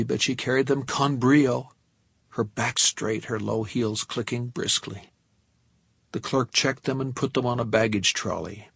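A man narrating a novel in the first person, measured and tense. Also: medium pitch, vocal fry, fairly bright tone, slightly rough, no echo. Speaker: audiobook narrator.

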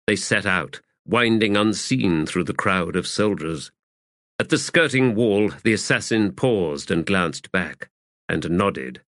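A man narrating a fantasy audiobook in a measured, expressive way on a close studio mic. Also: deep voice, no room sound.

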